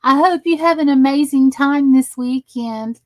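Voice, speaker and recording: A woman's voice: sits high, measured pace, darkish tone, no room sound, low-quality recording. A tired woman chatting casually with viewers while she crafts on a live stream. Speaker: crafting livestream host.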